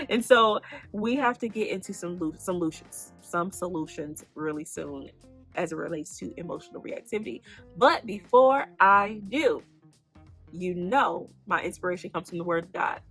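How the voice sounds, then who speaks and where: A woman with a gravelly, mid-range voice hosts a faith-based self-help podcast. She teaches animatedly, posing questions to the listener and then answering them herself.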